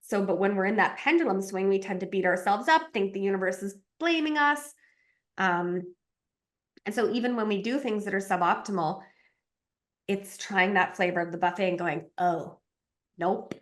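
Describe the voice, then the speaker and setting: Woman as a spiritual coach, animated, acts out inner voices, mid-pitched voice. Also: moderate pace.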